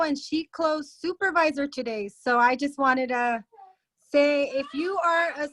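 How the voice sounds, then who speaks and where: A high-pitched woman co-host cuts in eagerly to cheer on the students. She sounds encouraging and quick. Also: fairly bright tone. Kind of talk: casual remarks on a group call.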